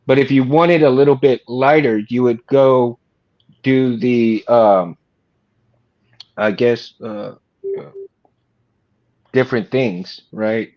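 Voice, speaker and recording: A man's voice: medium pitch, steady tone, slow pace, pauses often, lo-fi sound. A man who builds lightsabers, chatting casually and hesitantly on a livestream video call. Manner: hesitant, many fillers. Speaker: lightsaber maker.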